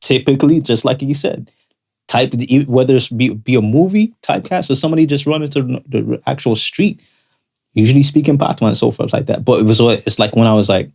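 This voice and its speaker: A man co-hosting a casual podcast, halting and repeating words as he thinks aloud. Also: medium pitch, gravelly, darkish tone. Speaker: podcast co-host.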